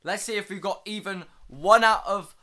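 A young man filming a casual vlog, excitable and swearing freely as he laughs at himself at home. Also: sits high, moderate pace. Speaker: YouTuber.

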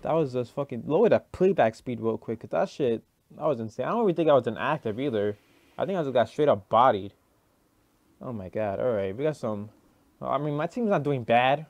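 Excitable young man swearing through gameplay. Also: mid-range voice, fairly quick, no room sound. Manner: excitable, swearing, rambling with many fillers. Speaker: gaming streamer. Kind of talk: live gameplay commentary.

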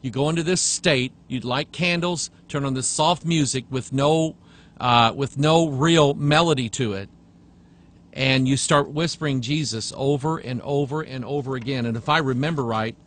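A male pastor preaches at a moderate pace, reading passages aloud and forcefully rebutting them. At times he drops to a low hush.

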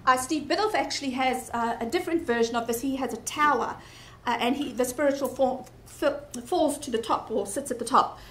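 Her voice sits high and moves a little fast as this South African-accented woman gives a sincere conference talk, often starting sentences over. She speaks in a breakout room, and the recording carries that room's echo.

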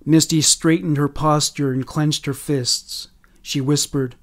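A man narrating a true story in a steady, measured way. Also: on the high side. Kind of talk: scripted narration.

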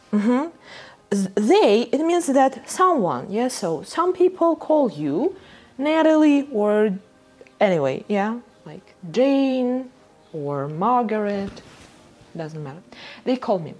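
A woman teaching a beginner language class, patient and repetitive, often checking understanding with "right?" as she repeats words slowly. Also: on the high side, big pitch swings, a little mellow, soft background music.

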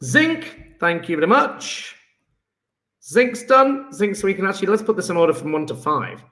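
Chatty teacher in an echoey room. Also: male voice, high-pitched, lively intonation, normal speed, fairly bright tone. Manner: chatty, jokey, reads out pupils' chat. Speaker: chemistry teacher. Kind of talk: live online lesson.

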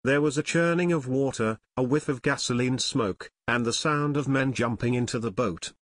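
A man reading a novel aloud as an audiobook narrator, steady and measured. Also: mid-range voice, dry recording. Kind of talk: scripted narration.

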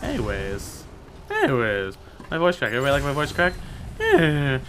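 Young guy cussing out a game at his desk mic, bright voice, bouncy pitch, sarcastic. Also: wildly swooping pitch, moderate pace. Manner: brash, profane, sarcastic trash talk. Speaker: gaming video creator. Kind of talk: casual gameplay commentary. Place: alone at home. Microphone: desk microphone and webcam.

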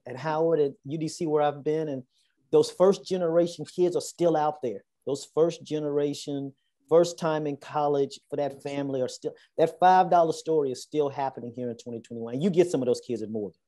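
A man's voice: on the high side, fairly quick, warm tone. A male host interviewing a guest over a video call, reacting emotionally and effusively. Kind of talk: interview conversation.

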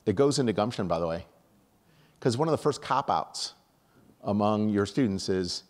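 An older man from upstate New York giving an animated, conversational conference talk, often restarting his sentences. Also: on the low side, normal speed, pauses often. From upstate New York, USA. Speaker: conference speaker.

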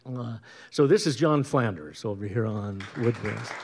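A middle-aged man from Utah, a bandleader and guitarist, chatting casually between tunes at a concert in an easygoing, rambling way with many pauses and restarts. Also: lowish voice, creaky, a loud crowd, very noisy. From Utah, USA. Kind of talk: casual stage banter introducing a concert. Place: indoor concert stage.

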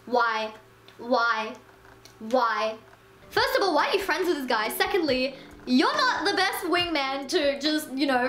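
Young woman, casual storytime, chatty with lots of "like", high voice, echoey room. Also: a bit bright. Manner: chatty, full of "like", acts out other people's lines. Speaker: vlogger. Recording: echoey room with faint music.

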